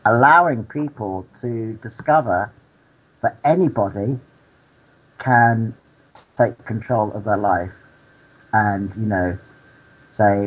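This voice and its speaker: Husky man telling stories earnestly. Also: medium pitch, muffled recording. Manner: earnest, unhurried storytelling. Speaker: actor and activist guest. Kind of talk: candid conversational interview.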